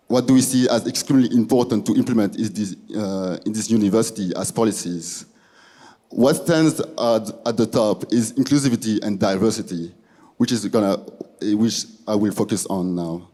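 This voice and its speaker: Young French-accented Belgian man, low dark voice, hesitant student presenter, long hall reverb. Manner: halting, restarting phrases. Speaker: student speaker. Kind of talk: presentation speech.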